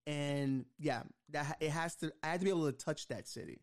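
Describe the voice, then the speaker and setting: A man with a slightly raised pitch talking films casually, agreeing readily and backing his partner up with quick yeahs before adding his own take. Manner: agreeable, chimes in with quick affirmations. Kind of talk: casual film discussion.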